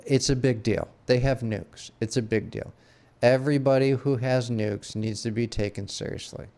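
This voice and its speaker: A man co-hosting a casual podcast, talking in a laid-back way with swearing and halting restarts. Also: mid-range voice, fairly even intonation, darkish tone. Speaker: podcast co-host. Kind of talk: casual chat.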